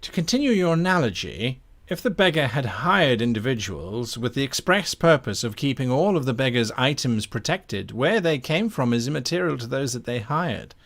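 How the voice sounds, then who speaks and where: A man's voice: mid-range voice, big pitch swings, a bit bright. A man playing a stern, formal guard captain. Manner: formal, measured, unbending.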